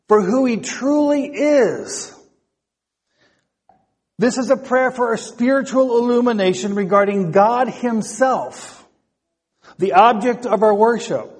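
A man preaching in a high voice at an unhurried pace. He keeps asking rhetorical questions and repeating his phrases. His words ring out with the long reverb of a large hall. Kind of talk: sermon.

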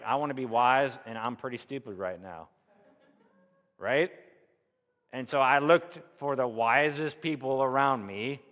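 A man's voice: medium pitch, fairly bright tone, in a large hall. A man preaching a conversational sermon from Missouri, asking the congregation rhetorical questions. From Missouri, USA. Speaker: pastor.

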